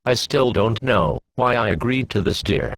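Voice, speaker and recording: A man voicing a young woman who frets about her soldier boyfriend, in a soft, fretful way. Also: mid-range voice, lively intonation, moderate pace, no room sound. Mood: worried.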